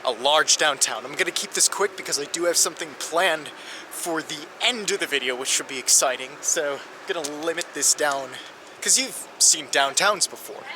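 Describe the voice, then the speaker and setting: A man narrating his travel vlog with a slightly raised voice and an explanatory, dryly humorous manner. He records outdoors in a city, with traffic noise clearly heard behind him. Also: fairly high pitch, moderate pace. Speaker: travel vlogger. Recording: noisy outdoor street recording.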